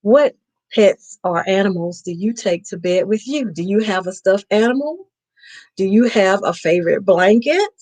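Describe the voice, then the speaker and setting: A woman's voice: medium pitch, lively intonation, moderate pace, darkish tone, poor audio. A woman host reading a picture book aloud to children on a live stream, playfully stopping to ask them questions.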